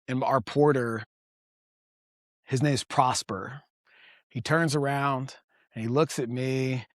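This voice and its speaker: A man telling a story as a podcast guest in casual chat, animated, loose and profane. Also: medium pitch, slow pace, no echo, studio quality.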